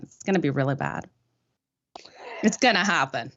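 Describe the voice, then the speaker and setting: Australian woman co-host, low-pitched, easygoing picks reader, muffled audio. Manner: relaxed, reads stats with pauses and fillers. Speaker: podcast co-host, betting analyst. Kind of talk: casual sports betting chat.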